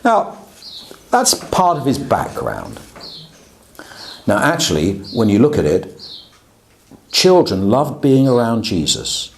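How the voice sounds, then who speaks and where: A man's voice: mid-range voice, wildly swooping pitch, takes it slowly, gravelly, pauses often, slight background noise. A man, a pastor, teaching a class on preaching in a conversational way, often checking in with his listeners. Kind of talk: lecture to a class.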